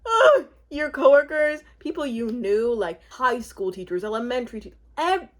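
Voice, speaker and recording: Recapping a reality show for her vlog, a woman with a slightly high voice talks at normal speed. She's chatty, giggly, and expressive, laughing frequently as she goes.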